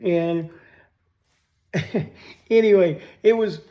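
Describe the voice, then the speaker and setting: A man's voice: high-pitched, extremely slow, warm tone. An older man telling a story in a folksy, rambling way, often repeating "I said", then reflecting on faith.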